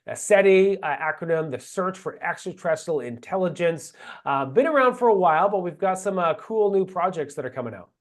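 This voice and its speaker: A male host with a somewhat high voice leads a live astronomy Q and A. He reads viewer questions and introduces topics in a relaxed way, with plenty of fillers. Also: a little fast. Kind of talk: live Q and A hosting.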